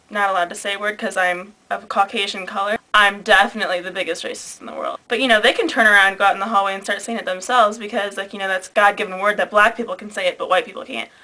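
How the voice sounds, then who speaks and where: A woman's voice: mid-range voice, pushed and bright, low-quality recording. A teenage girl ranting to camera, blunt and sarcastic, with plenty of swearing. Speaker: vlogger. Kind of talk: casual rant to camera.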